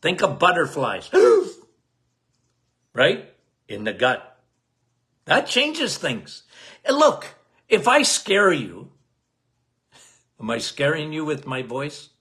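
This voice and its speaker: Loud, emphatic man, bright voice. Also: huge pitch swings, slow, long pauses. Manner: loud, emphatic, cannot lower his volume; repeats key phrases, addresses listeners as guys. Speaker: health podcast host. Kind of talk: casual health talk to listeners.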